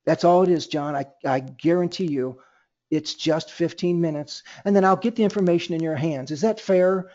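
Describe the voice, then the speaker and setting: Man, high pitch, energetic sales trainer on a webinar, acting out calls. Dull lo-fi audio. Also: normal speed. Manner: energetic, plays both sides of sales calls. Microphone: computer mic on a webinar.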